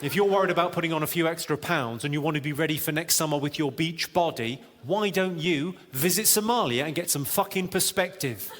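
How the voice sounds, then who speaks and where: A man's voice: on the high side, brisk, hardly any pauses, long reverb tail. A man doing crude, blunt stand-up comedy. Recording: loud live crowd and noise.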